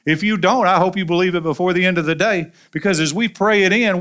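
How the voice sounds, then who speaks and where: A pastor with a Southern US accent preaching a sermon in a folksy, animated way with colloquial asides. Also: male voice, sits high, fast talker, few pauses. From American South.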